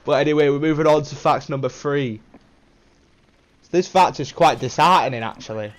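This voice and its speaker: A man's voice: fairly high pitch, moderate pace. A young man with a British accent rambling casually through a vlog, repeating himself and swearing now and then. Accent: British English. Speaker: vlogger.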